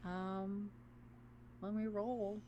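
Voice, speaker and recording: A woman narrating as dungeon master of a tabletop game, casual, with slow narration between quick asides. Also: medium pitch, level tone, muffled recording, background noise.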